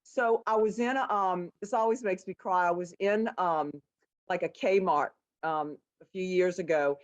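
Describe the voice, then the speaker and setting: A woman's voice: on the low side, unhurried, lo-fi sound. A woman from New Orleans interviewing a guest in a chatty, meandering way with many fillers. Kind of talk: conversational interview.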